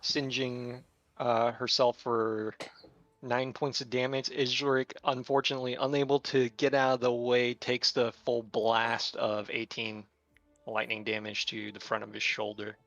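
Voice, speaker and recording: Bright-voiced man running a tabletop game. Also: mid-range voice, measured pace, dry recording, dull audio. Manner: relaxed, descriptive, with filler words. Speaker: game master.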